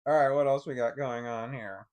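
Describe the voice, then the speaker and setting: His voice is mid-range, steady, and darkish, at a normal speed, as this vlogger thinks aloud to viewers while fumbling to zoom a picture on his computer. He rambles, swears often, and mutters in frustration throughout the casual screen-share commentary.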